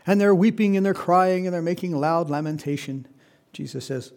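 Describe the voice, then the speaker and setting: A man's voice: fairly high pitch, fairly even intonation, brisk, creaky, hardly any pauses, darkish tone. A man preaching a conversational Bible-teaching sermon, putting questions to his listeners. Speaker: pastor.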